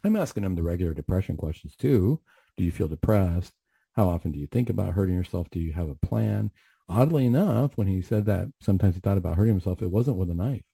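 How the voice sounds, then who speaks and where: Man with a really dark low husky voice, earnest storytelling, dry close sound. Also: animated, quick pace, no echo. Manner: earnest, reflective, with frequent restarts. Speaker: mental health clinician. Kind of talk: radio storytelling.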